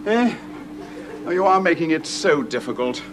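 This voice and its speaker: A man's voice: on the high side, lively intonation, moderate pace, lightly acted. A man playing a fussy English writer. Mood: coaxing. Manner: fussy and self-amused. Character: fussy, chatty English male writer, a dog lover. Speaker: sitcom lead. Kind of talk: 1970s sitcom acting. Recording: noisy old TV broadcast.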